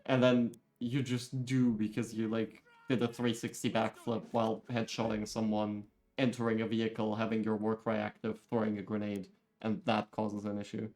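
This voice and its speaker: A man's voice: on the low side, completely flat delivery, moderate pace, few pauses, a little mellow, faint music behind. Easygoing male game developer on stream. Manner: easygoing, laughing often. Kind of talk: casual livestream chat.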